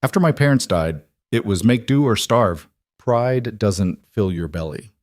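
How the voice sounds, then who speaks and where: A man voicing a strong, plain-spoken frontier woman with a calm, blunt manner. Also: lowish voice, measured pace, no echo, studio quality.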